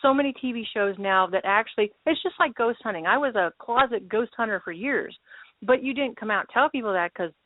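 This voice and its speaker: A woman's voice: on the high side, lively intonation, a little fast, no echo. Chatty woman host on a phone line. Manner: chatty storyteller, emphatic, laughs easily. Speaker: paranormal show host. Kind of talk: casual talk show chat. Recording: tinny phone-line sound, dry.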